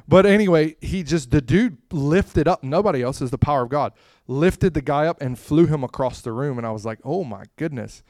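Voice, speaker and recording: Male storyteller, casual and rambling, clear voice, dry close sound. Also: on the high side, no room sound. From Florida, USA. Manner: animated, rambling, acts out scenes with loud bursts. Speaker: speaker sharing a testimony.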